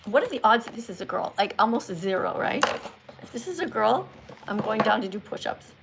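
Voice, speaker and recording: High-voiced teasing woman in her sixties. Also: very animated, a little fast, gravelly, noisy background. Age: 60s. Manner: teasing, chatty, reads viewer comments aloud. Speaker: livestream host. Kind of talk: casual livestream chat.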